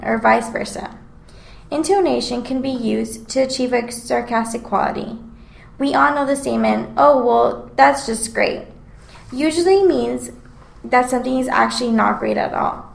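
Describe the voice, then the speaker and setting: Student presenter, woman, very gravelly voice with a slightly high pitch, explanatory read, roomy echo. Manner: explanatory, reads prepared text. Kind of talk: reading a scripted class presentation.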